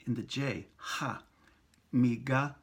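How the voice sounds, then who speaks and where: A priest giving a casual pronunciation lesson, speaking slowly and patiently, repeating and sounding out syllables. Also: male voice, mid-range voice, steady tone, husky. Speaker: priest teaching Spanish pronunciation.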